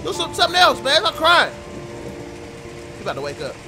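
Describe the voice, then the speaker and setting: A man doing loud, joking, profane commentary while playing a video game, shouting at the characters on screen. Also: very high-pitched, huge pitch swings, fairly quick, vocal fry, noisy background. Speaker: gaming YouTuber. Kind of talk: let's play commentary. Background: game music and rain sounds.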